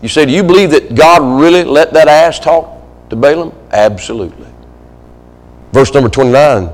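A man preaching a sermon, swinging between loud pleading and hushed, intimate asides. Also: on the high side, normal speed, long reverb tail, poor audio. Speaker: pastor. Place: church sanctuary.

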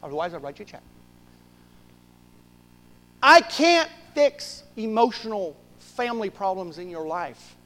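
A man preaching a sermon to his church, swinging from loud bursts to hushed asides. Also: high-pitched, very animated, a little slow, pauses often, long reverb tail, rough recording. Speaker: pastor.

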